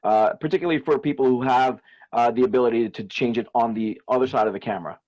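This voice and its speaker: A man with a mid-range voice moderating a panel, putting careful, polite questions to the guests over a video call. His tone is even and measured. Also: mid-range voice, highs cut off.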